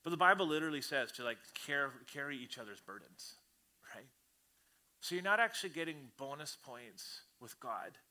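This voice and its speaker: A male pastor with a high, cutting voice delivers a sermon to his congregation. He talks in an animated, conversational way and slips into the voices of the people he quotes. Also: moderate pace. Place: church service before a congregation.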